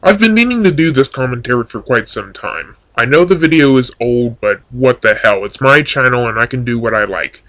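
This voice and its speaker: A man's voice: mid-range voice, expressive, brisk, hardly any pauses, a bit bright, low-quality recording. A man giving casual commentary on a video, answering its claims in a dry, sarcastic way. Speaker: YouTube commentator.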